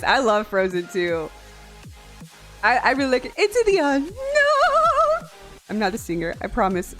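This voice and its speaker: A young woman streaming from home, chatting casually and often breaking into laughter and playful whining. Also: a little high. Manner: giggly, excitable, lots of laughing and whining. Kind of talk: casual live-stream chat. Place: home room.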